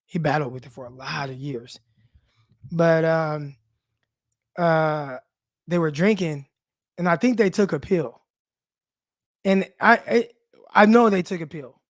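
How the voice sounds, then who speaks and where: A man's voice: fairly high pitch, a little slow, long pauses, no echo. Man, young adult, sports podcast host, casual, teary-eyed, dry recording. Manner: loose and conversational, many fillers. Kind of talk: casual heartfelt monologue.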